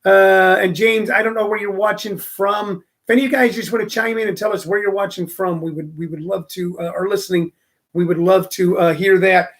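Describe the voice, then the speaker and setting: Middle-aged male host, high gravelly voice, loose rambling live-stream chatter. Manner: rambling, chatty, many fillers. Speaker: comedy radio show host. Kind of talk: casual live-stream chat. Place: room with phone and microphone. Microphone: studio microphone.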